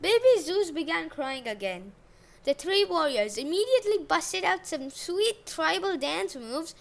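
Slow, high-voiced woman telling myths. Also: fairly bright tone. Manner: jokey asides, modern slang. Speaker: podcast host and storyteller. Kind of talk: casual myth storytelling podcast.

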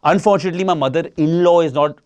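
A young man co-hosting a podcast, telling stories in an animated, casual way and swearing freely. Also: on the high side, fast, no room sound. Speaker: podcast co-host. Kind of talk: casual chat.

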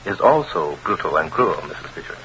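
A man playing a calm, probing gentleman detective in a 1940s radio drama, measured and smooth. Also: low-pitched, a little hiss or hum, poor audio. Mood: cool.

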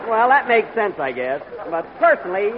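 A radio comedian with a high, lively voice that swoops up and down, indignant and halting with little uh's. The sound is a tinny, crackly 1940s broadcast, with a live audience roaring and hiss underneath. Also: male voice, a faint crowd. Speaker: comedian hosting a radio show.

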